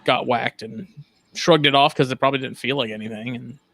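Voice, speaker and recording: Bright, animated podcast co-host. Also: male voice, medium pitch, a little fast, creaky, dry recording. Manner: animated storyteller, muses aloud. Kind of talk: casual chat.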